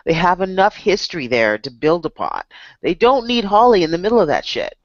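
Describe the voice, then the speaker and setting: Woman, podcast co-host; lively pitch, blunt and exasperated, dull dry audio. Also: a little fast, no echo. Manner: blunt, exasperated, swears freely. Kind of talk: casual chat.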